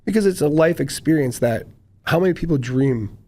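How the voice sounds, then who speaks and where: A man, a former professional football player, chatting casually as a guest in an interview, talking quickly with many fillers. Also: fairly high pitch, lively intonation, dark tone. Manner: quick, rambling, frequent fillers.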